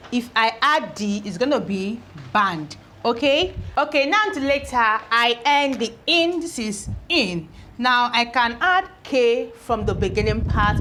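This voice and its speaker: A woman's voice: fairly high pitch, sharp tone, slight background noise. A woman teaching an English spelling lesson, repeating each word and checking in with "okay?". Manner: repeats each word several times, ends points with "okay?".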